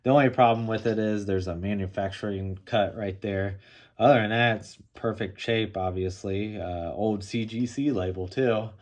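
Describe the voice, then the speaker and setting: A man with a somewhat low voice talks through a pile of comic books in a casual show-and-tell vlog. He rambles easily, often pausing on "um" and "all right" as he goes. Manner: relaxed, rambling, with frequent fillers and "all right". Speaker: comic book collector showing his haul.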